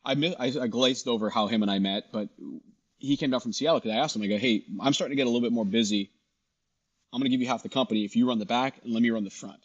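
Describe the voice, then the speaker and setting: A middle-aged man, a guest in a casual interview, telling his story with animated dialogue and frequent restarts. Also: medium pitch, quick pace, husky, highs cut off. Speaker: guest, shop founder.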